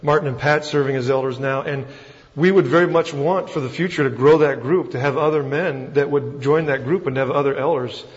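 A man's voice: mid-range voice, brisk. A man with a Texan accent, teaching a Bible lesson as a pastor in a folksy, self-deprecating, conversational way. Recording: dull recording with long hall reverb.

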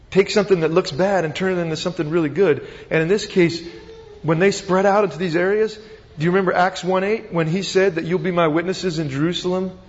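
A man preaching a sermon as pastor, retelling the scene with animated, dramatic storytelling. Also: high voice. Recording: dull sound with long reverb.

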